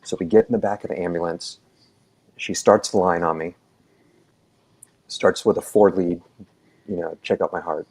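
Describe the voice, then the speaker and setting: A man's voice: deep voice, steady tone, moderate pace, long pauses, a little mellow, breathy edge. A man casually telling a long personal story on a podcast, full of "um"s and restarts, acting out what people said. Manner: rambling, filler-heavy, acts out quoted dialogue. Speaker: EMT telling his story.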